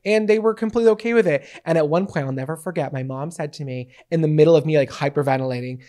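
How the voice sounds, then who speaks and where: A man in his twenties co-hosting a casual podcast, a theatrical, animated storyteller with cheeky, playful humor. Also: fairly high pitch, quick pace. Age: 20s. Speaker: podcast co-host.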